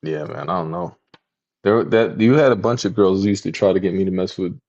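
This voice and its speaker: A man co-hosting a podcast, telling stories from his youth in casual chat and jumping up in pitch when he acts out reactions. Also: brisk, highs cut off. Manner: animated storyteller, jumps high when mimicking reactions. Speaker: podcast co-host.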